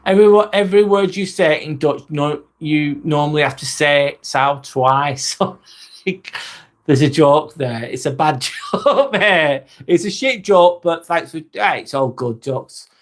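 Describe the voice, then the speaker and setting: English bloke hosting a loose live chat, jokey and crude, voice sits a little high. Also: male voice, measured pace. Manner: sweary, joking and self-mocking. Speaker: live stream host. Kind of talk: casual live-stream chat.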